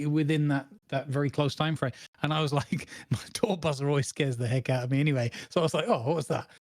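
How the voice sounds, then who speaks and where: Casual male co-host, animated rambling anecdote, dry recording. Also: mid-range voice, no room sound. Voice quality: rambling, animated storytelling with many restarts. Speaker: podcast co-host. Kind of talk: casual chat.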